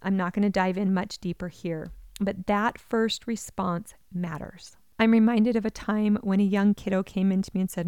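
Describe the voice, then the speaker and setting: A woman's voice: medium pitch, normal speed, smooth, dry recording, clean studio sound. A woman giving parenting advice, speaking earnestly and encouragingly straight to the listener. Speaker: parenting educator.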